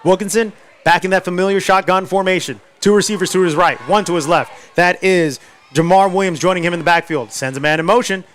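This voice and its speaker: A man calling a high school football game play by play, building to shouts on big plays. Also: a little fast. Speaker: play-by-play announcer. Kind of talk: live sports play-by-play commentary.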